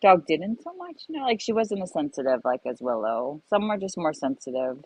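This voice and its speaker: A woman's voice: sits low, a little fast, breathy edge, dry recording. A woman chatting casually on a live panel, giggly and full of fillers. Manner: animated, giggly, many fillers. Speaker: panel guest. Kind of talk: casual chat.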